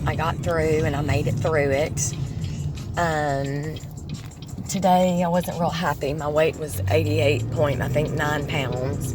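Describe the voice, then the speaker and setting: A tired woman giving a casual vlog update while she drives, ranting heatedly about her trouble. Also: low voice. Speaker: vlogger. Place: in a car. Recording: loud road noise in a car.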